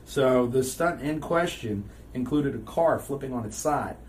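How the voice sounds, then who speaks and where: A man hosting a casual podcast, telling stories with frequent loud laughter. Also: mid-range voice, measured pace. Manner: loud laughing, animated storytelling. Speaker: podcast host. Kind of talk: casual chat. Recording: distant mic, faint noise.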